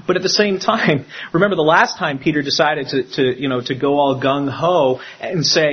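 A man preaches a sermon, acting out the quotes with lively swings of pitch. His voice is slightly high and husky. The recording sounds dull and lo-fi. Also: brisk. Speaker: pastor.

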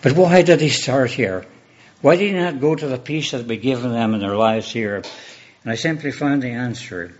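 Repeated rhetorical questions form the backbone of this pastor's sermon, delivered in a measured, earnest way. The man's voice is medium-pitched, and the recording is muffled.

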